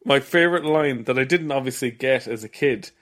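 A man's voice: medium pitch, fairly quick, a bit bright. A man jumping eagerly into a casual film podcast chat with jokey asides. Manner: eager, jokey, jumps in with bits. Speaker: podcast co-host or guest.

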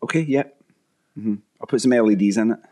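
A man's voice: on the low side, brisk, warm tone. A Scottish man co-hosting a podcast, a little under the weather, teasing in a dry way. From Scotland. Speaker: podcast co-host.

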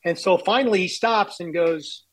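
A man's voice: sits high, normal speed, a little hiss or hum, rough recording. A man in his sixties, a baseball executive telling candid, self-deprecating stories in an interview. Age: 60s. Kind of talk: storytelling interview.

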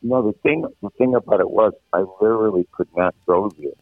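A middle-aged man, a veteran sports radio host, telling stories in animated casual chat with many restarts. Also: lowish voice, fairly quick. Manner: animated anecdotal, frequent restarts. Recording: tinny phone-like line.

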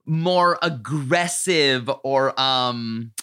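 A man hosting a podcast in casual chat, joking and swearing in quick banter. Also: medium pitch, bright, forceful tone. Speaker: podcast host.

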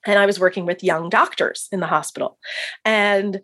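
Woman chaplain guest, husky, animated storyteller, laughs easily. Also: medium pitch, normal speed. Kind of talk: casual podcast interview.

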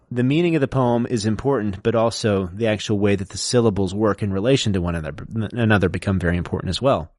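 A man co-hosting a podcast, explaining poetic meter in a lecturing way and reciting lines slowly to show the stresses. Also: on the low side, darkish tone, no room sound, clean studio sound. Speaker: podcast co-host explaining poetry. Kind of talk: casual explanatory chat.

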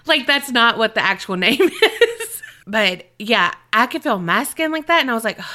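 A woman's voice: a little high, very animated, moderate pace, bright, forceful tone. A woman co-hosting a podcast, teasing and laughing easily in casual chat. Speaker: podcast co-host.

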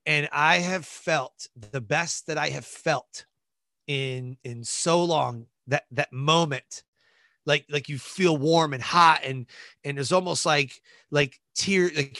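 A man guest on a podcast, telling a personal story in an animated way and acting out the voices of people in it. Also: on the high side, takes it slowly, no echo. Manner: animated, acts out voices in his stories, many fillers like "like".

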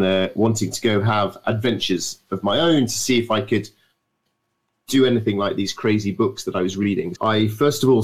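English guy from up north, lowish voice, calling in from his garden shed, dry self-mocking jokes. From north of England. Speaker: guest adventurer. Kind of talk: podcast interview over a call. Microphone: remote call.

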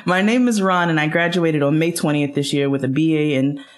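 A woman's voice: deep voice, a little fast. A woman co-hosting a casual chat podcast who reads listener notes aloud. She slips in dry, teasing remarks and breaks into laughter often, in an easy, conversational voice. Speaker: podcast co-host.

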